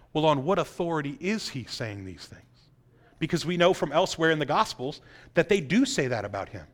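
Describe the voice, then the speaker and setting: A man with a notably high voice preaches a sermon through a passage. He leans hard on key points and keeps asking his listeners rhetorical questions. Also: a bit bright. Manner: emphatic, asks rhetorical questions, acts out quotes. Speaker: pastor. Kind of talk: expository sermon.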